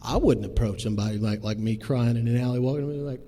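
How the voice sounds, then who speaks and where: A man's voice: mid-range voice, quick pace, dark tone. A man in his thirties giving a plain-spoken, earnest personal testimony to a recovery group, telling his story in folksy phrasing. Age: 30s. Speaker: testimony speaker. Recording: long hall reverb, faint noise.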